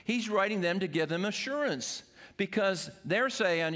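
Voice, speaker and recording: A man's voice: high voice, animated, normal speed, fairly bright tone. An older man, a pastor, preaching an earnest sermon to his congregation.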